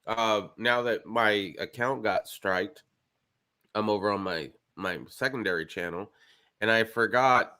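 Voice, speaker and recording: A man's voice: fairly low pitch, measured pace, sharp tone, smooth. A man co-hosting a casual chat show, laid-back, laughing often and calling people dude. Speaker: co-host.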